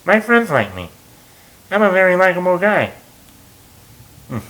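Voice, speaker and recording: A man's voice: high voice, sing-song, measured pace, pushed and bright, poor audio. A man hosting a movie talk show, rambling casually as he retells scenes and quotes lines with chuckles.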